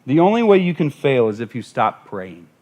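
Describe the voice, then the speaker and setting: A man's voice: mid-range voice, very animated, moderate pace, a little mellow. A man preaching a sermon as guest pastor in a church, earnest and building to impassioned repetition. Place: church sanctuary.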